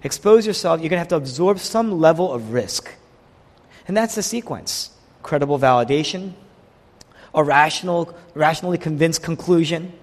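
Man, pastor, sermon, husky, lively rising and falling pitch, long church-hall echo. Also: normal speed. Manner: animated preaching, quotes figures in voiced asides.

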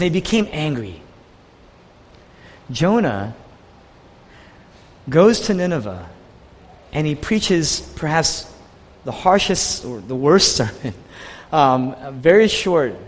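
A male pastor preaching with a high, very lively voice that climbs and drops across every phrase. He hammers points by repeating them, and the long reverb of a large hall trails each line. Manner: animated, emphatic, repeats key phrases. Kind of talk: sermon.

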